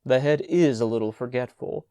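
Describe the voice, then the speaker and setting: An easygoing school chaplain in a storybook, voiced by a male narrator, talking in a soothing, reasonable way with a mellow tone. The recording is dry and close. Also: medium pitch, normal speed, dry recording, close to an everyday voice.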